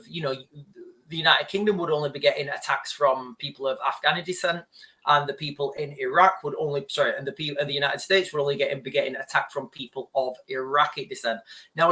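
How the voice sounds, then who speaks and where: A man's voice: fairly high pitch, sharp tone. A man vlogging political commentary to camera. He rambles, restarts his sentences often and keeps turning to the viewers as "guys". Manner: rambling, with frequent restarts and repeated asides to "guys".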